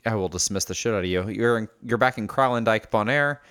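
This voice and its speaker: A man's voice: fairly low pitch, brisk, fairly bright tone, smooth. A man co-hosting a casual podcast, reading out journal entries and teasing his friend with dry jokes. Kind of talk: casual chat.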